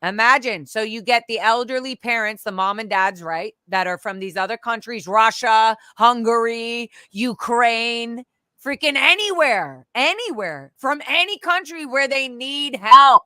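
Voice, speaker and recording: A woman's voice: on the high side, a little slow, no echo, clean studio sound. A woman guest telling candid stories in conversation, swearing freely and acting out other people's voices. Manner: animated, profane, acts out quoted voices.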